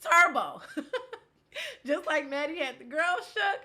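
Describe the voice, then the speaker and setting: A woman in her thirties telling an animated story, laughing often and swinging from quiet asides to loud outbursts. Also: high voice, slow pace, a crowd in the background. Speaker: interviewee.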